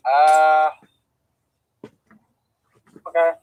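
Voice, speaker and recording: A man joining a casual livestream, joking in a deadpan way. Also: fairly high pitch, drawn-out words, smooth, no room sound, poor audio. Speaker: livestream co-host.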